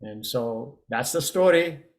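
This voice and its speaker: A middle-aged man coaching a yoga lesson in a casual, halting way, with many fillers and restarts. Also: mid-range voice, animated.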